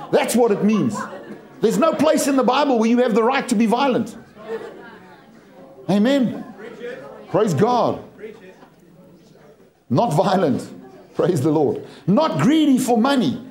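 A man's voice: very high voice, darkish tone. A man from England preaching a sermon, storytelling with humor to a church. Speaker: pastor.

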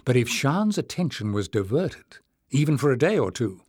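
Measured male audiobook narrator. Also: mid-range voice, breathy edge, dry recording, clean studio sound. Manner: measured, expressive storytelling. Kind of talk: scripted narration.

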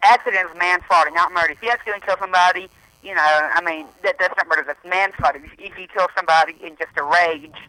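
A man co-hosting a podcast, with a high, very bright and piercing voice. He argues emphatically and presses his point. The sound is close and dry, with no room echo. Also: fast talker. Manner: emphatic, argumentative. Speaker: podcast co-host. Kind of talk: casual podcast debate.

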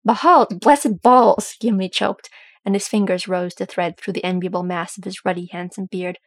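A woman narrating a fantasy story aloud in a steady, even way. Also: on the low side, a little fast, no echo. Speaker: audiobook narrator.

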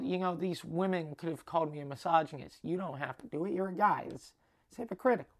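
A man's voice: on the high side, fast. Rambling Canadian man telling a story. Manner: rambling, animated, swears freely, acts out quoted dialogue. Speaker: podcast host. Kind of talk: casual storytelling monologue.

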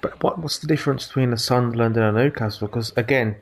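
A man's voice: mid-range voice, fast. A man with a Birmingham accent, explaining his views at length in a casual podcast chat. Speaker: podcast co-host.

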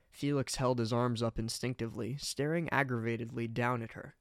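A man's voice: mid-range voice, fairly even intonation, brisk, few pauses, dry recording. Man narrating a story, dry sound. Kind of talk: reading fan fiction aloud.

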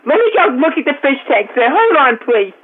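A frazzled, foul-mouthed mother yells and scolds in a high, swooping voice, as a woman plays her on a prank call. It comes through a tinny phone line full of hiss. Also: very animated, brisk. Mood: scolding. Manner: yelling, cursing, scolding.

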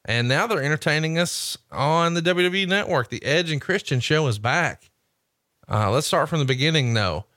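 A man's voice: fairly high pitch, expressive, normal speed, sharp tone, dry recording. A man co-hosting a podcast, upbeat and promotional, often tacking "man" onto his sentences. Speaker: podcast co-host. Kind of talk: casual podcast chat with ad reads.

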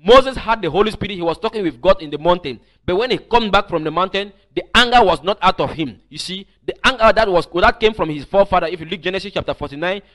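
A male preacher with a slightly raised pitch delivers an online teaching sermon. He speaks emphatically, circling back and repeating words as he builds his points. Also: animated, quick pace, hardly any pauses, a bit bright. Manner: emphatic, repeats and restarts phrases.

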